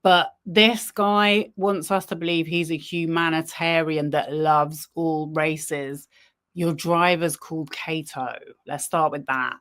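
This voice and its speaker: Slow, low-voiced woman streamer. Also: fairly even intonation, a bit bright. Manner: unhurried, critical asides to viewers. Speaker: live stream host. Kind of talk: casual commentary on a research stream.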